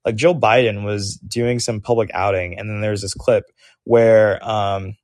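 A man's voice: fairly low pitch, a little slow, dry recording, studio quality. Sarcastic young man ranting on a podcast. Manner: animated, sarcastic, heavy use of "like" and "um". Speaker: podcast host. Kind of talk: political opinion commentary.

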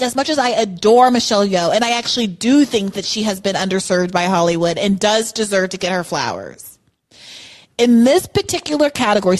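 Emphatic, high-voiced woman. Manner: opinionated, emphatic, lots of "like" and "I'm sorry". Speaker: podcast co-host. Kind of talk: casual chat. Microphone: podcast mic.

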